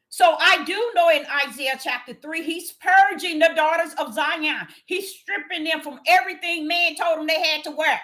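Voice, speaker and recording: A woman preaching an impassioned sermon, calling out to her listeners and swinging from low murmurs to loud cries. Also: normal speed, few pauses. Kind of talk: fiery street sermon.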